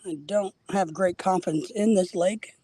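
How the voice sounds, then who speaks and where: A man's voice: sits high, normal speed, dark tone, slightly rough, no echo. A man hosting a casual live stream while fishing outdoors at a lake, a little out of breath, rambling and greeting viewers by name.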